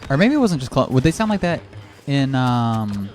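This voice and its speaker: Male podcast co-host, playful banter, lively pitch movement. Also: normal speed. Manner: jokey, laughs often. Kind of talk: casual gaming chat.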